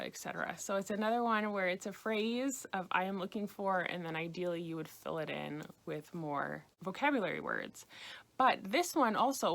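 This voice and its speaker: An American woman teaching beginners a language lesson, patiently repeating phrases slowly. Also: on the low side, fairly bright tone. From United States. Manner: patient, slow repetition of phrases. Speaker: French teacher.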